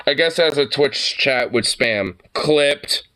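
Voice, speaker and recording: A man's voice: medium pitch, expressive, a little slow, pushed and bright. A man streamer doing casual, rambling reaction commentary, swearing and laughing often.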